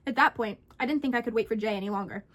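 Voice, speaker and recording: A young woman vlogger reading a scary story aloud in an animated, dramatic way. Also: a little high, rapid-fire.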